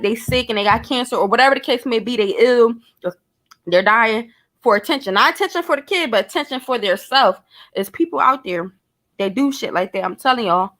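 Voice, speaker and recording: A woman's voice: medium pitch, fairly bright tone. A woman giving blunt, profane commentary, speculating and talking straight to her viewers in a casual vlog. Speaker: true crime commentator.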